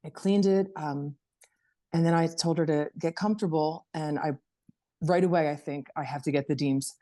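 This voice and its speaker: Middle-aged mom chatting on a video call, lowish warm voice, lively storytelling. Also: female voice, moderate pace. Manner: animated storytelling, acts out her daughter in a high voice. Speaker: interview participant. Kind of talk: casual personal story.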